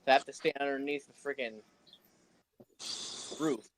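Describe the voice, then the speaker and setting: A man's voice: medium pitch, fairly even intonation, normal speed, a little hiss or hum, poor audio. A man hosting a casual livestream chat, grumbling and repeating himself over a voice-call mic. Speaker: livestream host.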